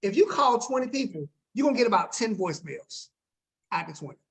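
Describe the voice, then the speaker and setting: A man's voice: sits high, big pitch swings, fairly quick, creaky, a bit bright. A man coaching his team on a group video call, upbeat and slangy, talking straight to the group and checking in with them often.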